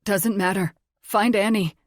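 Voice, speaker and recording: A woman's voice: mid-range voice, steady tone, measured pace, no room sound, clean studio sound, lightly acted. A woman voicing a badly injured man who wheezes and gasps out his words. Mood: gasping. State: wheezing, out of breath.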